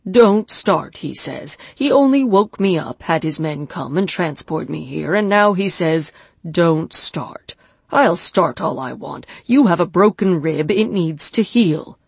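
A woman voicing a gruff, blunt male doctor who lectures his patient in an audiobook. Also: lowish voice, animated, takes it slowly, few pauses, dry recording, heavily acted. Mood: scolding. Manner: lecturing, scolding.

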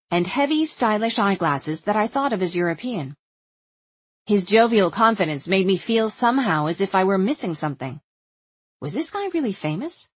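Husky woman reading a story, wry first-person vibe, pitch jumps around a lot, dry close sound. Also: no echo. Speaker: audiobook narrator. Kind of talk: scripted narration.

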